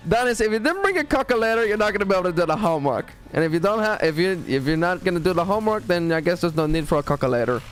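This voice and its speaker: A man's voice: high-pitched, lively intonation, rapid-fire, hardly any pauses, faint music behind. A man voicing a stern male Cuban math teacher with a thick Cuban accent, scolding a pupil.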